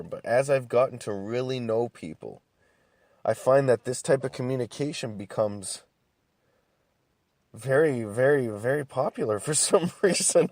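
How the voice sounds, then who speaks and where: A young man telling stories in a calm, laid-back way, full of swearing and restarts. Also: medium pitch, no echo. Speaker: podcast host. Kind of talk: casual monologue.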